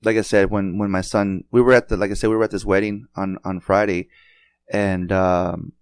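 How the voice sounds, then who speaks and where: A man in middle age chats on a podcast in a lowish voice, often breaking off and repeating words before he finds the thought. The sound is close and dry, with no room around it. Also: little pitch movement, clear, resonant tone, no room sound. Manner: halting, many restarts and repeated words. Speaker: podcast host. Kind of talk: casual conversation.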